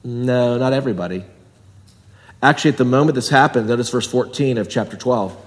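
A man's voice: mid-range voice, a little fast, big-room sound. A man preaching an expository sermon, emphatic and acting out the voices he quotes. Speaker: pastor.

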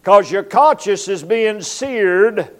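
High-voiced evangelist preaching. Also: male voice, expressive, takes it slowly. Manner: emphatic preaching, acts out voices and barking dog. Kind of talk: revival sermon. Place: church.

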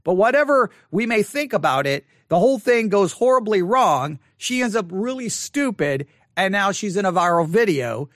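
A man's voice: high voice, expressive, moderate pace, fairly bright tone, no room sound, studio quality. A man giving casual spoken commentary as a Christian commentator, rambling with frequent restarts and self-corrections.

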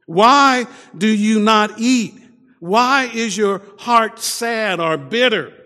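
A man voicing a bewildered husband who pleads with his weeping wife in slow, drawn-out questions, as part of a sermon. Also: high voice, pushed and bright, big-room sound, pitched above the performer's own voice, full character voice. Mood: pleading. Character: puzzled, self-satisfied husband pleading with wife.

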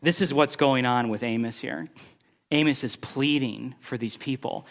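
A middle-aged man preaching a sermon, telling a story with animated, exasperated bursts. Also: normal speed, gravelly. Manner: animated storytelling, rising pitch when exasperated. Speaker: pastor.

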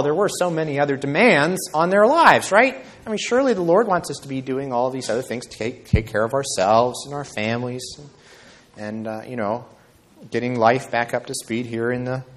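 A male pastor delivering a sermon in a mid-pitched, ordinary voice. He moves between reading scripture and plain, conversational explanation, peppering his points with quick tag questions to his listeners. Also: expressive.

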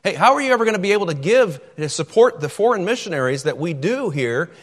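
A man's voice: high-pitched, big pitch swings, fast talker, in a large hall. A man preaching a sermon, emphatic and repeating words as he drives his points home.

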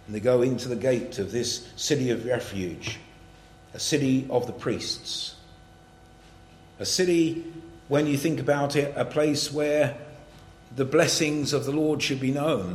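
A male preacher gives an earnest sermon, reading old scripture wording and pressing his points with rising emphasis. His medium-pitched voice rings through an echoey church hall. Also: a little hiss or hum.

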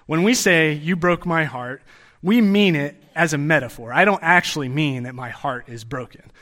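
A man's voice: a little high, expressive, normal speed, sharp tone. A young man giving a sermon in a conversational way, restarting phrases and adding asides as he teaches. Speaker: preacher.

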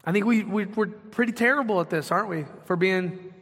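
A man's voice: sits high, brisk, a bit bright, husky. A middle-aged man, a pastor, preaching a sermon in a conversational way and putting questions to the congregation. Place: church sanctuary. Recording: long hall reverb.

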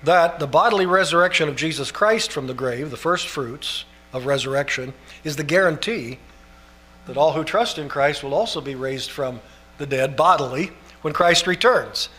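Man, pastor, sermon, earnest and emphatic delivery, somewhat high-pitched voice. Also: normal speed, husky. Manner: earnest, rises to emphatic near-shouting passages.

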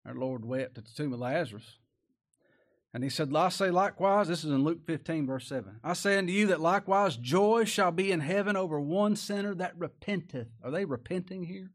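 A man delivers a sermon, reading old-style scripture verses aloud and then commenting on them in plain, folksy language. His voice swings between loud, emphatic peaks and low, quiet asides.

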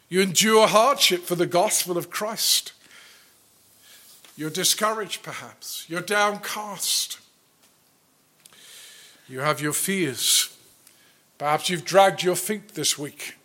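A man preaching a sermon, earnest and deliberate, rising to loud declarations and then dropping to a near hush. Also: sits high. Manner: slow, earnest preaching that swells loud then drops very soft.

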